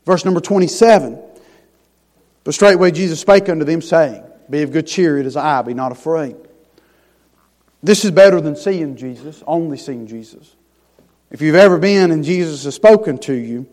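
A man preaching a sermon in a folksy, down-home way, dropping to hushed tender lines and building to loud, rising emphasis. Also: fairly high pitch, lively intonation, moderate pace. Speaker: pastor. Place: church sanctuary. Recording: long hall reverb.

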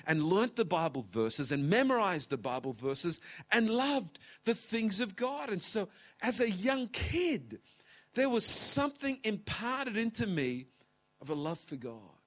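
His voice sits high and fairly bright, swinging widely in pitch. The pastor, in his fifties, preaches tearfully in a large auditorium, full of emotion, with dramatic pauses and moments where he drops to a whisper.

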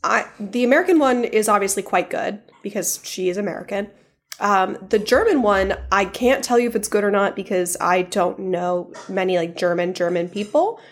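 A woman's voice: mid-range voice, normal speed. A woman co-hosting a book podcast in casual chat, recapping a movie in a conversational way. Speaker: podcast co-host.

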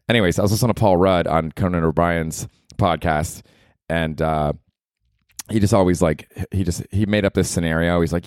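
Deep-voiced man hosting a rambling comedy podcast. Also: moderate pace, clear, resonant tone, dry recording, studio quality. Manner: rambling, joking, slangy. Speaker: podcast host. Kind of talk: solo comedy podcast monologue.

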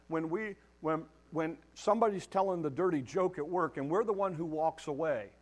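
A middle-aged man preaching a sermon, emphatic and direct, challenging his listeners and repeating words as he builds each point. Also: fairly high pitch. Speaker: pastor.

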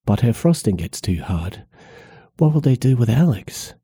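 A man's voice: sing-song, dark tone, slightly rough, no room sound, studio quality, full character voice. A man reading aloud, voicing a stubborn, indignant middle-aged village woman in a raised voice. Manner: raised pitch, drawn-out protesting delivery. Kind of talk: read-aloud novel passage.

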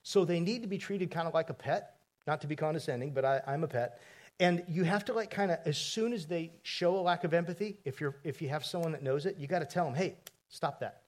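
A man's voice: on the high side, fast. A man preaching a sermon as pastor, telling stories in a conversational way with asides to the congregation.

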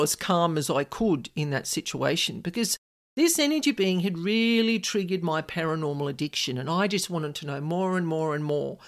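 A woman hosting a podcast, telling a personal story in a chatty, animated way and quoting voices. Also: fairly low pitch. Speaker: podcast host.

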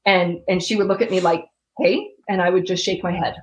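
A woman's voice: lowish voice, little pitch movement, fast. A young adult woman, an interview guest, recounting a frightening ordeal in an earnest, sometimes tearful way. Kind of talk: emotional storytelling.

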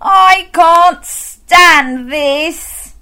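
A woman voicing a tired, grumpy father bear in a children's storybook, groaning out slow, drawn-out complaints. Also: very high-pitched, bright, forceful tone, pitched above the performer's own voice, heavily acted. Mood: exasperated.

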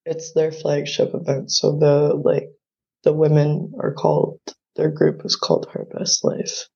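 Gravelly, husky woman co-host. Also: deep voice, completely flat delivery, unhurried, darkish tone, lo-fi sound. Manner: laid-back, rambling with restarts. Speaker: podcast co-host. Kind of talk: casual chat.

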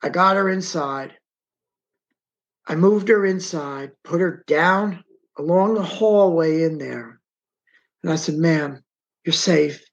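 A man being interviewed as an eyewitness. He tells his story in dramatic first person, with emphasis, and pauses to direct someone moving a map on screen. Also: sits high, dull audio.

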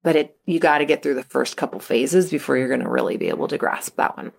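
A woman coach in casual podcast talk, chatty with lots of filler words, jumping into high excited bursts when she acts out what people say. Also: fast, creaky. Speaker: mental skills coach for young athletes.

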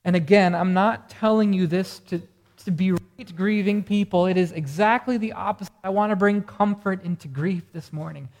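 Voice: medium pitch, moderate pace, a little mellow. A pastor delivering a morning sermon earnestly, asking the congregation rhetorical questions. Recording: reverberant hall sound.

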